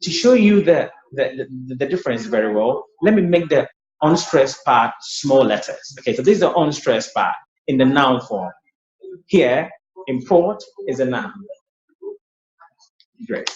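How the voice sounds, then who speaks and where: In an online lesson with screen sharing, a man tutors English pronunciation, explaining patiently and often repeating his words. His mid-range voice has lively intonation and a moderate pace. The recording sounds roomy, dull, and lo-fi.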